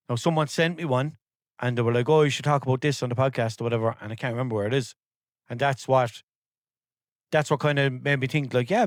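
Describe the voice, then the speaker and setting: A man's voice: medium pitch, dry recording, clean studio sound. A man with a Limerick Irish accent hosting his own podcast, rambling cheekily and swearing freely. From Ireland. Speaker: podcast host. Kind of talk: casual podcast monologue.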